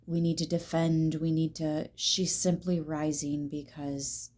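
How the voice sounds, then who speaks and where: A woman giving a tarot reading, emphatic and swearing, dropping now and then into soft whispers. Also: sits low, little pitch movement, measured pace. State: teary at times. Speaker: tarot reader.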